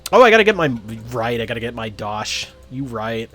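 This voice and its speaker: A man's voice: mid-range voice, big pitch swings, fairly quick, a bit bright. Rambling male game streamer. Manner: rambling, lots of uhs and ums. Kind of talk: casual live-stream commentary, reading game text aloud.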